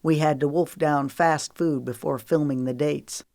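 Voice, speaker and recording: Woman putting on a laid-back young guy, teasing and soft, pitched lower than her own voice, dry close sound. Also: fairly even intonation, measured pace, no echo. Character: easygoing young man, teasing and friendly.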